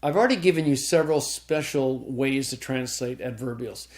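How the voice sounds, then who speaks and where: A man's voice: medium pitch, moderate pace. Man lecturing on Greek grammar. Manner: explanatory, checks in with "okay?", frequent restarts. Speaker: Greek teacher. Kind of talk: recorded classroom lecture.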